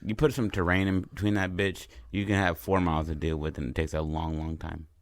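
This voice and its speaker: Deep-voiced blunt male podcast co-host. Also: little pitch movement, a little fast, dry recording. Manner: blunt, chiming in with suggestions. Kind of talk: casual brainstorming chat.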